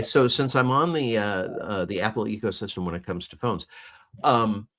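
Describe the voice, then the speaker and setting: A man's voice: mid-range voice, a bit bright. A man co-hosting a casual chat, talking in a loose, rambling way with many restarts and fillers, over a video call. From United States. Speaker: podcast co-host.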